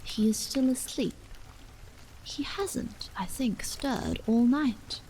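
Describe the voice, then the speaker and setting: A woman's voice: on the high side, lively intonation, takes it slowly, dark tone, slight background noise, low-quality recording. A woman whispering as a grieving anxious mother, whispered role-play. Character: anxious middle-aged mother, grieving and stern.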